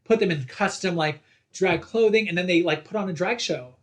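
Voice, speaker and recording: A man's voice: high-pitched, brisk. A young man co-hosting a podcast in casual chat, rambling with lots of "like" and acting out quotes. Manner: rambling, full of "like", acts out quotes. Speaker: podcast co-host.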